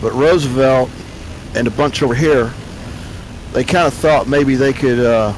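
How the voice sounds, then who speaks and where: A man's voice: mid-range voice, unhurried, slight background noise, poor audio. A man of about seventy hosting a flight-sim stream, chatting casually in a rambling, joking way with many restarts. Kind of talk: casual chat.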